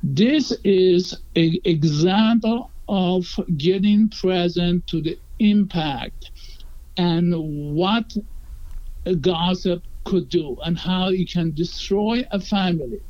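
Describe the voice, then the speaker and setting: Earnest high-voiced man telling a story. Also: slow, darkish tone. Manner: earnest, acts out quoted dialogue. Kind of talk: conversational storytelling. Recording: dull lo-fi sound.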